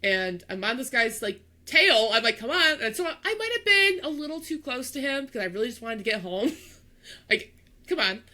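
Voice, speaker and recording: Young woman podcast co-host, bright tone, animated storyteller. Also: fairly high pitch, normal speed. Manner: animated storyteller, acts out voices, laughs. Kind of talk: casual storytelling chat.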